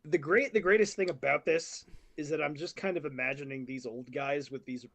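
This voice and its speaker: A man chats as co-host on a casual podcast. His voice is a touch high, and he tells stories in a rambling way, often restarting his sentences. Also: fairly quick, a bit bright.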